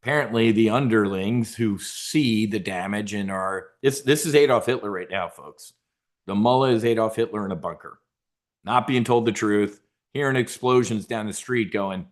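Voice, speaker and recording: A man's voice: lowish voice, normal speed. A man hosting a trading show, talking in a rambling, casual way with many repeated words and asides to his viewers. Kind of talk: casual market commentary.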